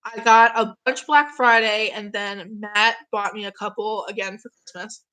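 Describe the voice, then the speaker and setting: A woman's voice: medium pitch, steady tone, normal speed, sharp tone. A young woman in her twenties, getting over an illness, chatting casually on a live stream, gushing and reading out viewer comments.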